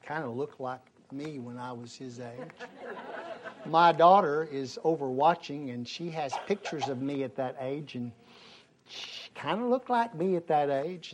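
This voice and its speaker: Animated male storyteller. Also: a little high, a little hiss or hum. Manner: animated, acts out the people in his story. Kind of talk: telling a personal story to an audience.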